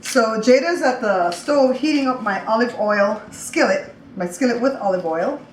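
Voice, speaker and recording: A woman's voice: on the high side, lively intonation, moderate pace, a little hiss or hum. Chatty woman hosting a home cooking show. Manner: chatty, repeats words, addresses viewers as guys. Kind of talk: casual cooking chat.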